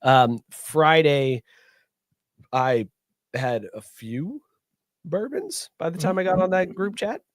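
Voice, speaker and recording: A man's voice: a little high, animated, takes it slowly, long pauses, no room sound, studio quality. A man hosting a sports podcast in casual chat, rambling and laid-back, laughing often. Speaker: podcast host.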